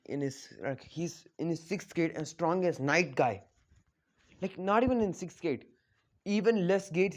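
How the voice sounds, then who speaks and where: Man rambling through a fan story. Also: on the high side. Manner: rambling, full of fillers like "like" and "you know". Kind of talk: casual fan story retelling.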